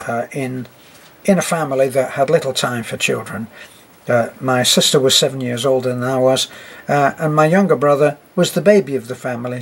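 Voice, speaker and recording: A man's voice: fairly high pitch, slightly rough. An older man teaching storytelling, speaking reflectively with wry asides. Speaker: narration teacher. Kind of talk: talk on narrating for children.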